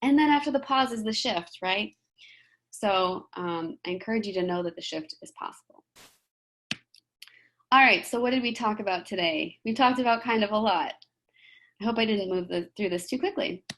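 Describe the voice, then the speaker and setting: A woman giving a motivational talk in a gentle, conversational way, often checking in with "right?". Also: medium pitch, normal speed. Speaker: presenter.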